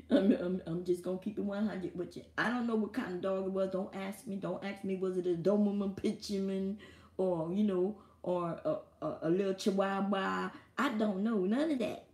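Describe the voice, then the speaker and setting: A woman from the United States, a live streamer telling a profane, animated story and laughing often, alone in a small room at home. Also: mid-range voice, roomy sound. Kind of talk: casual storytelling monologue.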